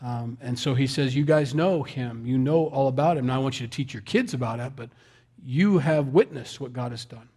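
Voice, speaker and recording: A man's voice: mid-range voice, moderate pace, darkish tone, breathy edge. Folksy man preaching a sermon. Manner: conversational, folksy, self-deprecating asides. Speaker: pastor.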